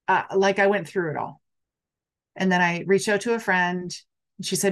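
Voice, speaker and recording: A woman's voice: fairly low pitch, moderate pace. A middle-aged woman coach talking candidly on a live stream, reading out viewer comments and acting out her own past worries. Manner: candid, expressive, acts out her own quoted thoughts.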